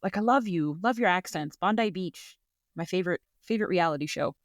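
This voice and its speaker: A woman's voice: fairly low pitch, brisk, no room sound, clean studio sound. Chatty Canadian woman podcast co-host. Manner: animated, rambling, jokey, lots of fillers. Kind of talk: casual chat.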